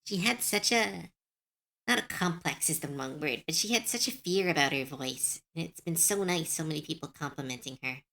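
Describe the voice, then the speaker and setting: A woman streamer chatting casually on a live stream, musing softly and answering her chat. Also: low voice, normal speed, vocal fry.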